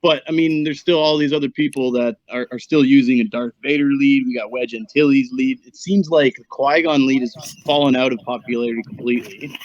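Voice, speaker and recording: A man's voice: medium pitch, fairly even intonation, brisk, hardly any pauses. A man co-hosting a gaming show, hesitantly going through statistics with many fillers. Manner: hesitant, many fillers while reading stats. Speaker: co-host giving the meta report. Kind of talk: casual gaming commentary. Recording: dull, dry lo-fi mic.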